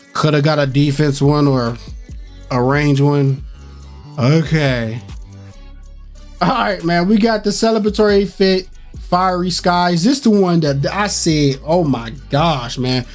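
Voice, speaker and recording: A young man hosting a gaming channel, hyped and animated, swinging between mock anger and delight as he reacts to game news. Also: on the high side. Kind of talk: excited game news commentary.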